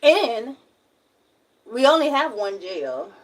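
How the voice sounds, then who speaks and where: A woman's voice: on the high side, very animated, slow pace, far from the mic, a little hiss or hum, low-quality recording. A young woman with a Southern US accent, from Alabama, talking frankly and at length in a casual livestream. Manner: frank, rambling, emphatic.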